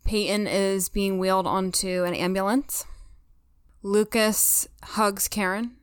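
Woman podcast co-host, smooth resonant voice, dry close sound, earnest emotional recap. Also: medium pitch, steady tone, takes it slowly, no echo. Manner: earnest, emotional, retells scenes with quoted lines. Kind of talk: casual recap chat.

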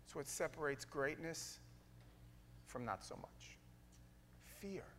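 Guy preaching a sermon, kinda high voice, goes quiet then loud, real dramatic. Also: very animated, slow, gravelly, a little hiss or hum. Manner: dramatic, swings from hushed to loud.

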